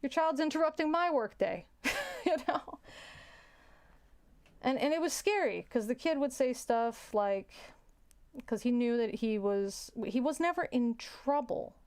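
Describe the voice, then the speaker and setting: A young adult woman, a teacher, telling a story in a casual, halting way, often repeating words and sighing. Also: fairly high pitch, expressive, a little mellow, clean tone.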